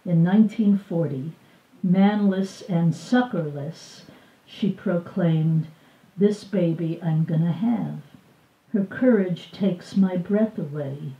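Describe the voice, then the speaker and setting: An older woman reading from her own memoir at a bookstore event, measured and expressive, voicing the dialogue. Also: fairly low pitch. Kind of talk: live book reading. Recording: roomy, distant, dull live recording.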